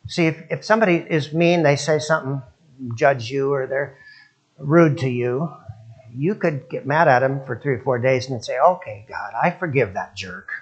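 A man's voice: mid-range voice, normal speed, low-quality recording. A male preacher giving a sermon, telling stories and asking his listeners questions. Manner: storytelling, acts out quoted voices, asks audience questions.

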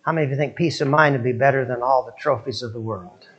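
A man's voice: medium pitch, fast talker, slightly rough, highs cut off. A male preacher giving a sermon, telling stories and asking his listeners questions. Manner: storytelling, acts out quoted voices, asks audience questions.

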